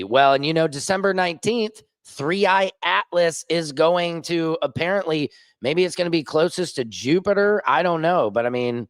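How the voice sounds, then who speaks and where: A man who hosts his own news vlog, ranting casually and fast from a rooftop with lots of restarts and asides. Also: on the high side, no room sound. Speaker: independent journalist and vlog host. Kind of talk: casual on-camera rant.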